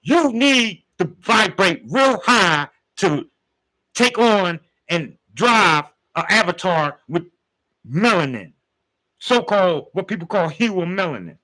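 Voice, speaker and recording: A man's voice: high-pitched, big pitch swings, slow, sharp tone, rough recording. A man giving a casual spiritual talk, using street slang and speaking straight to his listeners. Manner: street slang, conversational, addresses listeners directly. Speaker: spiritual teacher.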